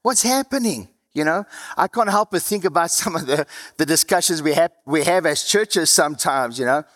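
A man with a South African accent preaching a sermon in a conversational way, his voice dropping low and quiet at the ends of phrases, with a slightly dry mouth. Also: moderate pace. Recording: long hall reverb.

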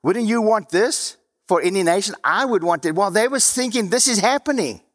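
A South African man preaching a sermon, his voice sitting a little higher than most men's. He talks conversationally and lets his phrases sink low and soft at the ends. A long reverb trails after his words, as in a large hall. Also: lively intonation, normal speed. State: dry mouth.

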